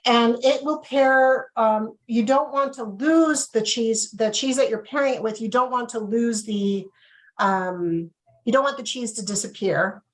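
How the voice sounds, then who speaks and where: A woman's voice: fairly high pitch, unhurried, poor audio. A woman casually leading a wine and cheese tasting on a video call, chatty and asking "okay?" after each point. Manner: chatty, checks in with okay often. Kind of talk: casual live tasting demo.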